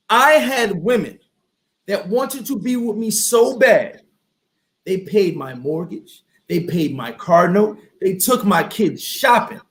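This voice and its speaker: A man hosting a casual talk show, speaking in a lively, preachy motivational way. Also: high voice. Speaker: host. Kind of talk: casual chat.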